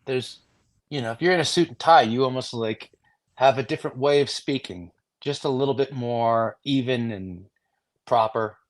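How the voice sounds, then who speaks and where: Dry-sounding animated man chatting. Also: mid-range voice, moderate pace, no echo. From Northern California. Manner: animated, swears freely, lots of "like". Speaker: actor guest. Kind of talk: casual podcast chat.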